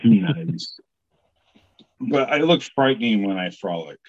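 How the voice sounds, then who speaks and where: A man co-hosting a podcast who jokes in a relaxed way and pauses on fillers as he reads posts aloud. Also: lowish voice, no echo. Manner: relaxed joking, halting with fillers. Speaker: podcast co-host. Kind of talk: casual chat. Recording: dull, dry sound.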